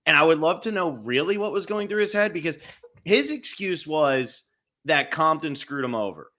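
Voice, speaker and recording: Bright-voiced man recapping a show. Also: on the high side, animated, moderate pace. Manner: rambling, amused, laughs often. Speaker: podcast co-host. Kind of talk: casual recap chat.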